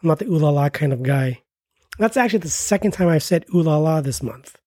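A man in his mid-forties with a slightly husky voice delivers a scripted comedy ad with a wry, self-deprecating tone. The sound is dry and close, with no room around it. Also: a little high, lively intonation, fairly quick, darkish tone, no echo. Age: 40s. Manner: self-mocking, rambling asides. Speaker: comedy podcast promo reader. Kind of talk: jokey scripted ad read.

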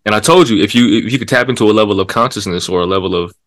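A man co-hosting a podcast in casual chat, laid-back and teasing, quick to laugh. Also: on the low side, a bit bright, no room sound. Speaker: podcast co-host.

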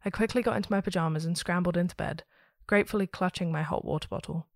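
Podcast host, woman, low pitch, reads ghost stories steadily and expressively. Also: fast talker, gravelly, no room sound, studio quality. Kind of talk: reading a listener's ghost story aloud.

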